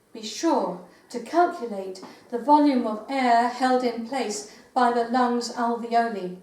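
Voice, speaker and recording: An older woman poet giving a live poetry reading in a meeting house, with measured recitation and hesitant spoken asides. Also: on the high side, a little mellow. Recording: roomy live recording from far off.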